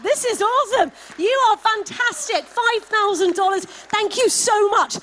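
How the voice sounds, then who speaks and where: A woman's voice: very high voice, expressive, normal speed, fairly bright tone, some chatter behind. A woman leading a live fundraising paddle raise at a gala, calling out donation amounts and heaping effusive praise on each donor. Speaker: fundraising auctioneer. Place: gala event hall.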